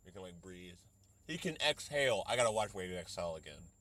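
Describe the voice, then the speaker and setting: A young adult man hosting a solo podcast, rambling and profane as he riffs, slipping into quick mock voices to quote people. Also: sits low, very animated, fairly bright tone. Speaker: podcast host. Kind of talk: solo comedic podcast rant.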